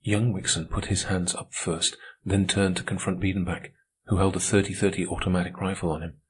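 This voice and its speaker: A man reading an audiobook as narrator, in a measured, steady way. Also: sits low, breathy edge. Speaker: audiobook reader. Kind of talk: scripted narration.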